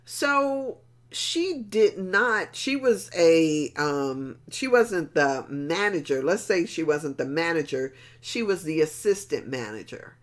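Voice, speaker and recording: A middle-aged woman hosting a motivational talk, telling a story in a conversational way and repeating words for emphasis. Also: deep voice. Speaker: motivational talk show host.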